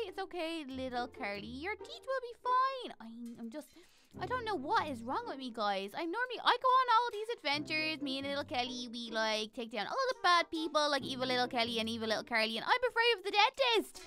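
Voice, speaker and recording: A woman's voice: high-pitched, very animated, fairly quick. A woman voicing a young girl in a game role-play who frets and hesitates as she talks to the viewers. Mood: nervous. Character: young girl, anxious before getting braces. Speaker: Minecraft role-play character. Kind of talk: role-play vlog narration.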